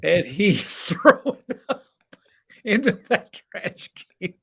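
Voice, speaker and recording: An older man co-hosting a casual sports podcast, telling lively stories, laughing as he goes and acting out what people said. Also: sits high, slow pace, gravelly, slight background noise. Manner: animated storyteller, acts out quoted voices, laughs often. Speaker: co-host. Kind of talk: casual storytelling chat.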